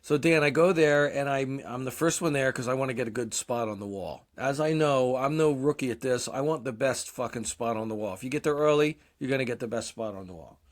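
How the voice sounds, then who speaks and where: A man's voice: mid-range voice, a little fast, hardly any pauses. A man in his forties, co-hosting a podcast, telling a long casual story, swearing often and mocking himself. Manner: profane, self-deprecating storyteller. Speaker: podcast co-host.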